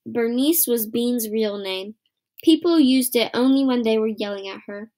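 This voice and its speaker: A woman reading a children's book aloud in plain, steady storytelling. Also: on the high side, normal speed. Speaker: reader.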